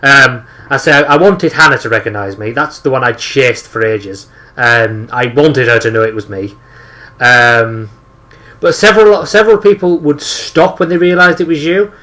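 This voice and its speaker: A man's voice: medium pitch, normal speed, bright, forceful tone. A young man with a Teesside accent, co-hosting a podcast in casual chat, telling sweary anecdotes and acting out quotes. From northeast England. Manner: swears often, tells anecdotes with acted-out quotes. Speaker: podcast co-host.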